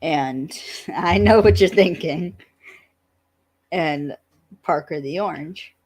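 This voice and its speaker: Southern woman, low unhurried voice, casual podcast co-host recapping a show. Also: husky. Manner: relaxed recap with fillers, laughs often. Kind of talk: casual chat about a TV show.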